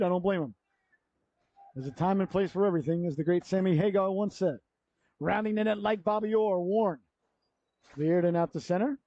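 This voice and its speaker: A man calls a youth hockey game play by play in a somewhat high but mellow, warm voice. He rambles into side stories and corrects himself as he goes. The sound is dry and dull, like lo-fi local broadcast audio. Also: no echo. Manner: chatty, rambling asides and self-corrections. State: yawning, running out of breath. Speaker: play-by-play commentator.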